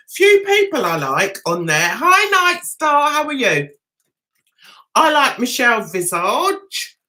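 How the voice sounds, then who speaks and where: A woman's voice: fairly high pitch, bright, forceful tone. A woman hosting a casual livestream chat, getting over a throat cold, chatty and self-mocking as she greets viewers by name. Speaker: livestream host.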